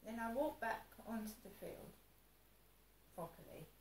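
A woman's voice: on the high side, expressive, a little slow, echoey room, a little hiss or hum, rough recording. A woman telling a rambling personal story, upset and venting, with frequent restarts. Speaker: vlogger.

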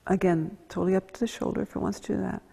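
A woman guides a gentle yoga class with slow, calm cues, soft hums and near-whispered breath prompts. Her voice is dark and mellow with a breathy, husky edge. A long reverb trails behind her words. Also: mid-range voice. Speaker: yoga teacher.

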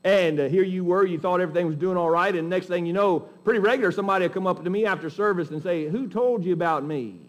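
A man's voice: high-pitched, fairly even intonation, fast talker, few pauses. A male pastor preaching a sermon in a folksy, emphatic way, often restarting his sentences.

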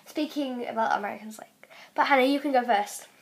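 A woman's voice: on the high side, a little fast, slight background noise. A young woman with an English accent hosting a casual vlog, chatty and giggly as she talks with a friend. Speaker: channel host.

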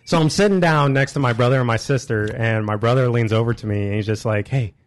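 A man's voice: medium pitch, fairly quick. Swearing man telling a story. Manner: animated, swearing, laughs at his own story. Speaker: podcast co-host. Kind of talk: casual chat, storytelling.

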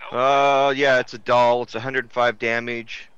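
A man's voice: mid-range voice, flat delivery, measured pace, a bit bright, highs cut off. A man chatting in an easygoing, matter-of-fact way with friends while playing a co-op video game. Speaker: co-op game player. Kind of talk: casual gaming chat.

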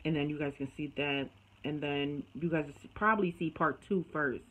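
A woman's voice: deep voice, moderate pace, a bit bright, poor audio. Chatty woman vlogging from her kitchen. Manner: chatty, rambling, addresses viewers as y'all. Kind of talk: casual chat to camera. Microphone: phone camera.

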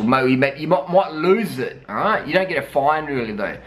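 A man's voice: fairly high pitch, animated, a little fast, few pauses. Blunt, foul-mouthed male cycling ranter. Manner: blunt, swearing, heated. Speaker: cycling vlogger. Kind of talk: profane ranting commentary.

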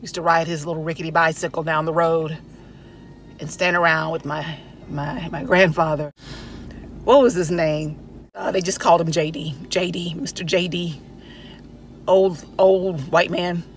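A woman's voice: low-pitched, steady tone, unhurried, pauses often, a little hiss or hum. A woman chatting playfully in a casual vlog, often laughing, from her car. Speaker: vlogger. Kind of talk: casual chat.

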